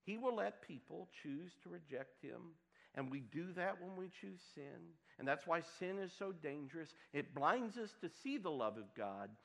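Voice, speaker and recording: A man preaching a sermon to a congregation, swinging from loud emphatic bursts to hushed, quiet lines. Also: fairly high pitch, expressive, measured pace, creaky. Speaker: pastor.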